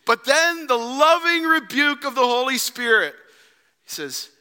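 Bright-voiced preacher in echoing church. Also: male voice, very high voice, animated, a little slow, clean tone. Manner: earnest preaching, rising to emphatic repetition. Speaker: pastor. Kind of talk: sermon. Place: church sanctuary. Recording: church hall with long reverb.

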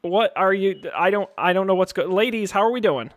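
A man's voice: high voice, animated, brisk. A man co-hosting a comedy podcast, stammering and self-deprecating with frequent laughs. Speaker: co-host.

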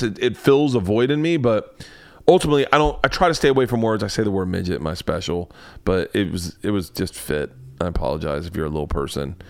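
A man's voice: medium pitch, dry recording, studio quality. A man, a comedian and podcast host, rambling through stories in a loose, profane monologue with lots of self-interruptions. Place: home man cave.

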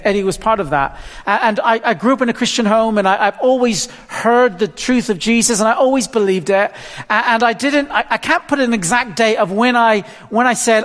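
A man's voice: very high voice, fairly bright tone. A man in his fifties preaching a sermon in a church hall, chatty and self-deprecating, often stumbling and repeating words. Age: 50s. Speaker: pastor. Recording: long hall reverb.

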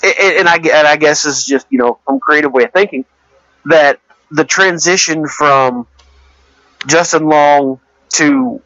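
A man's voice: fairly high pitch, measured pace, fairly bright tone, no room sound. A man casually talking about a movie, rambling and hesitant, with many restarts and fillers. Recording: dull lo-fi dry recording.

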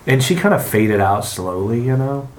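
A middle-aged man hosting a podcast, speaking in a reflective, halting way with soft pauses. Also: mid-range voice, big pitch swings, slight background noise. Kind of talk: casual podcast chat.

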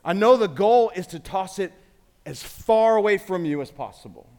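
Pastor, male, 40s, high voice, casual preaching style that calls on the congregation. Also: animated, normal speed, darkish tone. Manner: conversational preaching with call-and-response. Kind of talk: sermon. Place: church sanctuary.

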